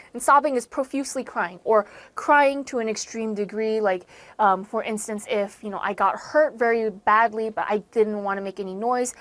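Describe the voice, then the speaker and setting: A woman's voice: fairly high pitch, fairly bright tone, dry recording. An American woman teaching English vocabulary in an online lesson, explaining words patiently, repeating and rephrasing, with sudden emphatic stresses on key words. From United States.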